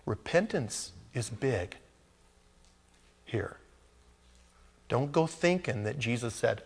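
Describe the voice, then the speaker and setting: A man preaching a sermon as a pastor, swinging between loud exclamations and hushed asides. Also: fairly low pitch, measured pace, gravelly, long pauses, slightly rough, in a large hall.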